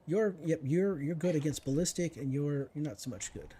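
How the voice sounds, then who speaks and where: A male streamer talks through his game in a loose, chatty way, needling the enemies and musing aloud. His voice is husky and mellow, and his pitch swings widely as he reacts. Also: animated, normal speed. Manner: chatty, talks to himself and to enemies while playing. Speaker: gaming streamer. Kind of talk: casual let's-play commentary.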